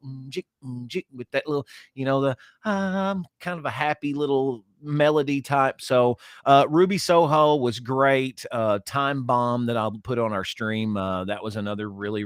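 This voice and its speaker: A man's voice: medium pitch, fairly even intonation, normal speed, few pauses, clean tone, no echo, clean studio sound. A middle-aged man, co-hosting a podcast in casual chat, rambling with many fillers and restarts. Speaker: podcast co-host.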